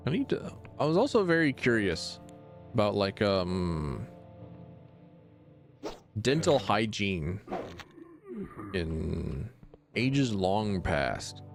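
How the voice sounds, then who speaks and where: A man with a lowish voice chats loosely during a game stream. His speech swings widely up and down, full of stammered restarts and offhand jokes. Soft game music sits faintly underneath. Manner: rambling and stammering, with frequent restarts and jokey asides. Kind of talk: casual let's-play commentary.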